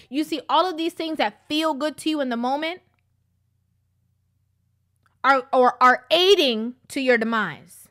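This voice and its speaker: Woman, high voice, casual storytelling, preachy, repeats herself for emphasis. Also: measured pace, long pauses, a bit bright.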